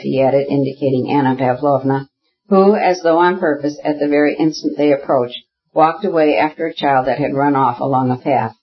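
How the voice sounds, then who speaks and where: Husky male audiobook narrator. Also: mid-range voice, fairly even intonation, fairly quick. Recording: dull lo-fi audiobook recording.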